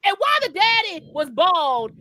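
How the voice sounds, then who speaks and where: A woman co-host in casual chat, animated and jokey, firing off questions. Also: very high voice, normal speed, no room sound.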